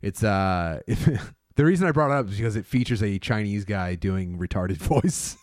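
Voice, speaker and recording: A man's voice: on the low side, animated, normal speed, a little mellow, no echo, studio quality. A man co-hosting a podcast in casual chat, joking and rambling with plenty of swearing. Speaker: podcast co-host.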